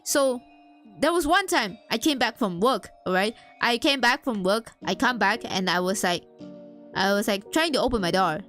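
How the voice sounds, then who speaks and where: Animated woman rambling through a stream chat. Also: fairly high pitch. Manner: animated, rambling, lots of fillers, sudden squeals. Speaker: streamer podcast host. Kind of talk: casual chat storytelling.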